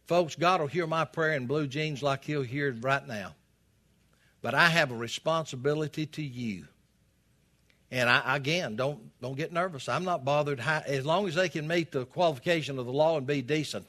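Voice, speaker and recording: A man's voice: a little high, pushed and bright. A man preaching a sermon as the pastor of a Baptist church, folksy and emphatic, speaking to a congregation in a church. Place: church sanctuary.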